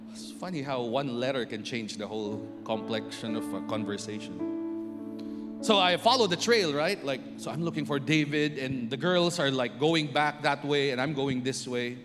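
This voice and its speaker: A middle-aged man with a medium-pitched voice and moderate pace tells a personal story to an audience, animatedly acting out the scenes and voices. The recording has long reverb with music behind it.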